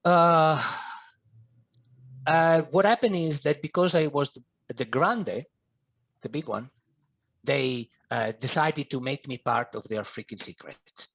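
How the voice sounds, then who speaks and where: A man's voice: medium pitch, expressive, unhurried, gravelly, husky. A middle-aged man, a podcast guest and coach, telling a personal story in an earnest, vivid way. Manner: earnest, vivid, slips in Italian and French phrases.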